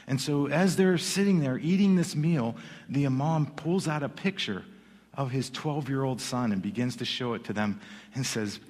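A man's voice: mid-range voice, moderate pace, darkish tone. A man preaching a sermon in a church, in a conversational way that often restarts his words. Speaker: pastor. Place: church sanctuary. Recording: long hall reverb.

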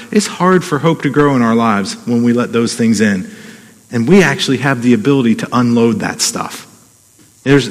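Man preaching in a reverberant hall. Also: a little high. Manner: conversational, laughs and digresses. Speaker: pastor. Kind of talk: sermon.

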